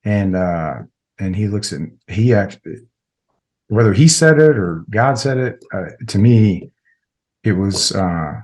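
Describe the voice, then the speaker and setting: A man's voice: fairly low pitch, lively intonation, slow, darkish tone. A middle-aged man, a military veteran, telling a personal story as a podcast guest in a rambling, casual way full of filler words.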